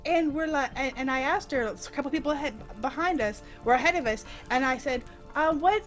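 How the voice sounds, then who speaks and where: A woman chatting on a game stream, telling a long story in an animated, giggly and talkative way. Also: high voice, fast talker, soft background music. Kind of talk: casual storytelling chat during gameplay.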